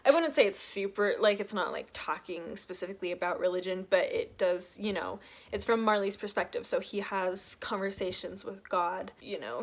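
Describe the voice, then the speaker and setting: A young woman talking casually to camera as a book vlogger, chatty and enthusiastic. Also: medium pitch.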